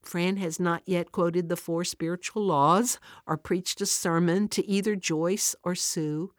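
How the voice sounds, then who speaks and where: Earnest low-voiced woman devotional speaker. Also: fairly even intonation, a little slow, no room sound, clean studio sound. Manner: earnest, direct address to listener. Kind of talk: devotional storytelling and teaching.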